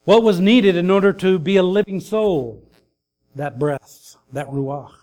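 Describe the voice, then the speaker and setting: A man preaching a sermon, earnest and grieving his mother, pausing with fillers and rising to emphatic calls. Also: high-pitched, a little mellow. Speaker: pastor.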